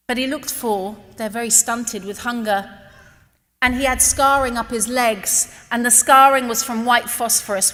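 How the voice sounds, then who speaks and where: A woman's voice: on the high side, sharp tone. Earnest woman speaking in an echoing hall. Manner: earnest, emotional, slows down for emphasis. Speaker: speaker addressing a religious gathering. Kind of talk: impassioned religious talk with personal storytelling. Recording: long reverb of a large hall.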